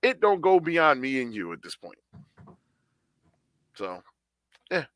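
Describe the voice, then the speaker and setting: A man's voice: mid-range voice, big pitch swings, slow, fairly bright tone, dry recording. A man co-hosting a podcast, talking in a laid-back, slangy, conversational way. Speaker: podcast co-host.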